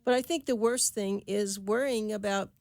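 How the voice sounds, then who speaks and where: A woman's voice: medium pitch, creaky, darkish tone, no room sound. An older woman hosts a radio talk show from the studio, chatting in an easygoing way. Her voice sits in a middle range and sounds dry and close on the microphone. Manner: chatty, easygoing, quick to laugh. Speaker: radio host. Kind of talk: casual radio chat.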